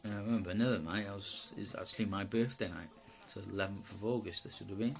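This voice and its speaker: A man from Wales recounting a personal experience in a rambling, halting way, full of fillers and asides. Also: on the low side, faint music behind. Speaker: personal testimony speaker.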